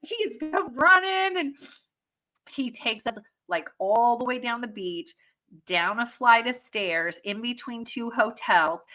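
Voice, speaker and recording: A middle-aged woman co-hosting a podcast, telling wild travel stories with lively energy and frequent swearing, acting out voices as she goes. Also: on the high side, slow pace. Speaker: podcast co-host. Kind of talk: animated storytelling.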